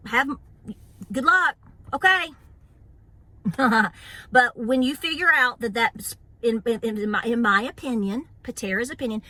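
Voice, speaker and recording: A middle-aged woman hosts a homestead vlog, delivering a blunt, opinionated rant with a sassy edge and frequent laughter. Her voice sits fairly high and sounds sharp, with no echo in the recording.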